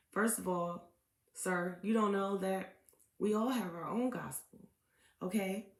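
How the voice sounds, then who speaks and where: A woman tarot reader talking in a casual, chatty vlog, full of "um" and "okay?" asides. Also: medium pitch. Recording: echoey room.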